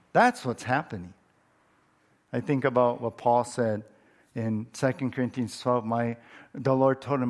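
A man preaching a sermon in an earnest way, stressing some lines loudly and dropping others low and quiet. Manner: earnest, swings between loud emphatic lines and low quiet ones. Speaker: pastor.

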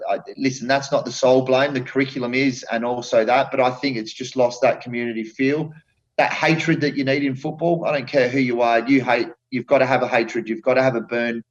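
A man's voice: medium pitch, muffled recording. A middle-aged man, a former footballer, talking bluntly and passionately in a casual interview, often restarting his sentences.

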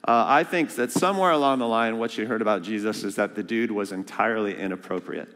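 A man preaching a sermon as a guest speaker, lively and joking, asking the congregation questions. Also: fairly low pitch, fast talker, big-room sound. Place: church sanctuary.

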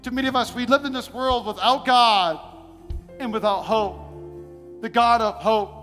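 A man preaching an impassioned sermon, swinging between shouts and hushed passages. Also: extremely high pitch, moderate pace. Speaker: pastor. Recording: long hall reverb, faint music.

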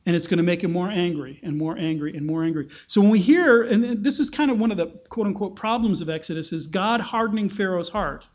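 Male preacher, higher register, conversational sermon delivery. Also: a little fast, hardly any pauses. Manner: conversational, explanatory, acts out quotes. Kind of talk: sermon, Bible teaching.

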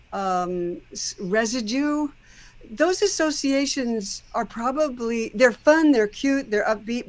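Song-critique host: casual, thoughtful, explains at length, medium pitch, sings lyric snippets to make a point.

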